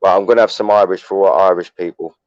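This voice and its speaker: A man's voice: low-pitched, steady tone, fast, lo-fi sound. A man, chatting casually on a live stream and calling his viewers "you lot" and "mate". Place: outdoors in the wind.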